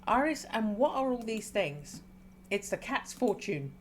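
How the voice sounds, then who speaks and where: A woman streamer reading a game's dialogue aloud and reacting with excited squeals between calmer reading. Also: fairly high pitch, measured pace, a little hiss or hum.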